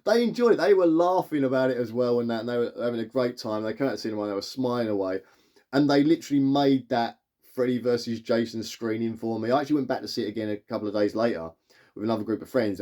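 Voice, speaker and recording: Male vlogger, mellow and warm in tone, mid-height voice, chatty and rambling, chuckles through his stories. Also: mid-range voice. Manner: rambling, animated, chuckles while telling. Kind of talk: casual storytelling to camera.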